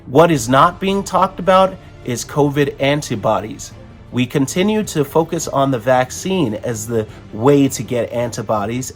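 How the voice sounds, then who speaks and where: A man hosting an opinion commentary, talking emphatically with frequent restarts. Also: fairly high pitch. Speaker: host.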